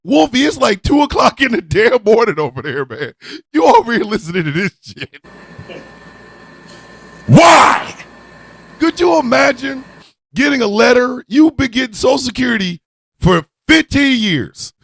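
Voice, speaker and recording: A man's voice: very high-pitched, big pitch swings, measured pace, long pauses, fairly bright tone, a little hiss or hum. A man hosting an online radio show, ranting comically with profanity and constant cackling laughter. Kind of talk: loose comedic rant with chat.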